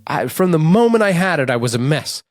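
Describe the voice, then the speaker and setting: A man co-hosting a podcast, chatting casually and telling animated, self-mocking stories with profanity. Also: a little high, fairly quick, no room sound, clean studio sound. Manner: animated storytelling, acts out his own scared drunken voice in quotes. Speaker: podcast co-host. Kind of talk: casual chat.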